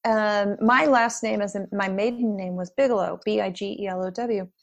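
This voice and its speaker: A middle-aged woman being interviewed as an author, chatting in a lively, storytelling way and laughing often. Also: medium pitch, moderate pace, vocal fry. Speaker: guest author. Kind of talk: casual interview chat.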